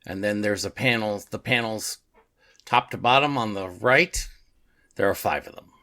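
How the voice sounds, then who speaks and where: A man's voice: on the low side, normal speed, bright, forceful tone. A man co-hosting a casual comic book podcast, appreciatively describing the page layouts. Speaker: podcast co-host.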